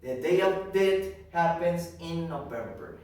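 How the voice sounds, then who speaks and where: A man teaching English to small children, slow and deliberate, repeating each point in Spanish and checking in with "okay?". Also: fairly high pitch, expressive, a little mellow. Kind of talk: recorded class for young children. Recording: echoey room, distant mic.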